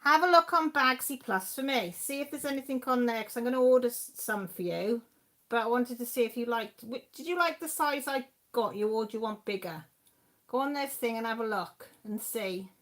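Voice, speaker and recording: A woman's voice: fairly high pitch, animated, fairly quick, fairly bright tone. Chatty Welsh woman in her sixties. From Wales. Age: 60s. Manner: chatty, rambling, reads viewer comments aloud. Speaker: channel host reading live chat. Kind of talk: casual live-stream chat.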